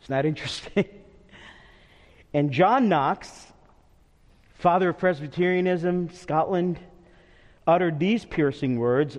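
A man preaching a sermon as pastor in a church, earnest and measured, dropping softly when praying or recalling personal memories. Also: a little high. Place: church sanctuary. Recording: long hall reverb, dull lo-fi sound.

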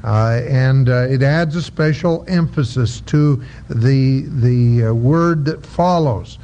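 A man preaching a Bible-study sermon, halting with many filler sounds and reading scripture aloud between explanations. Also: medium pitch, mellow. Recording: dull lo-fi recording with faint noise.

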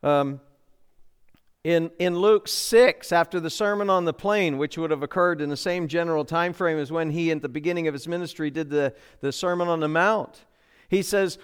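Preaching a sermon at a normal pace in the church sanctuary, this middle-aged pastor has a clear, smooth, resonant voice that sits high for a man. He hammers his message with emphatic repetition and poses rhetorical questions to the congregation.

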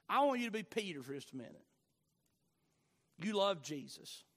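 A man's voice: high voice, fairly bright tone. A man reading scripture and then preaching a sermon, building his points with surging emphasis and sudden swells in volume.

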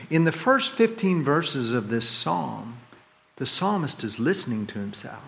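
A man preaching a sermon, swinging between loud, high complaints and quiet, low reflection as he voices the psalmist. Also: very animated, moderate pace, gravelly. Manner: dramatic swings in pitch and volume, voicing the psalmist's complaints. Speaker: pastor.

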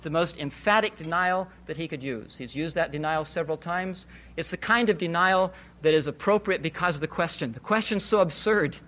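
A man preaches an expository sermon at a brisk pace, his voice pitched a little above most men's. Steady and emphatic, he hammers his points home with rhetorical questions and repeated phrases.

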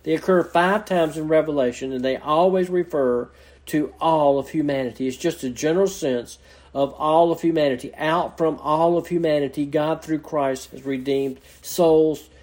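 A man's voice: fairly high pitch, moderate pace, a little mellow. Earnest man preaching verse by verse. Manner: earnest, teacherly, explains scripture verse by verse. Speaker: pastor. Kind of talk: expository sermon.

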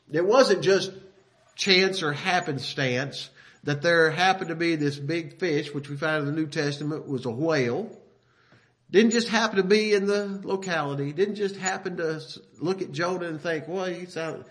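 A man's voice: fairly high pitch, normal speed, fairly bright tone. A man preaching a sermon in a folksy, conversational way, reading scripture aloud and breaking off into asides and self-corrections. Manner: reads King James scripture aloud with emphasis.

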